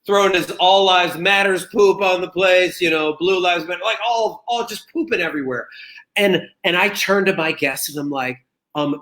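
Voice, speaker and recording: A man's voice: high-pitched, moderate pace, sharp tone. A man who is a guest on an interview show, telling a story with animation and acting out the other voices in it. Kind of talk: conversational interview.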